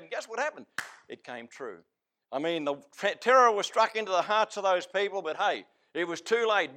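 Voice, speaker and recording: A man with an Australian accent delivers a sermon in a fairly high voice. He preaches like he is telling stories, with plain asides, and swings from loud outbursts to low, hushed lines. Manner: folksy storytelling preaching with sudden swings between loud and hushed.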